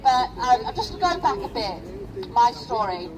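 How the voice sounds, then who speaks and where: A middle-aged woman from Rochdale, England, gives an emotional, rallying speech at an outdoor street protest, repeatedly asking the crowd "yeah?". Her voice is a little high and very animated at a normal speed, recorded from a distance amid the outdoor crowd.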